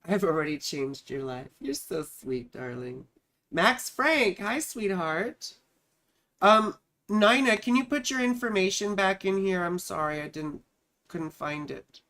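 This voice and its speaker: A woman's voice: medium pitch, expressive, measured pace, a bit bright. A woman astrologer hosting a live stream, reading viewers' charts in a chatty, affectionate way and calling them sweetheart and darling. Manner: thinks aloud while searching for charts.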